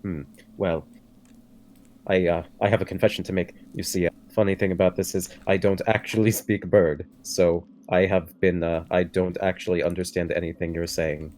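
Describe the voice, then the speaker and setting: A man playing a tabletop game, speaking in character in a smooth-talking, theatrical way. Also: low-pitched, level tone, normal speed, darkish tone. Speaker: player.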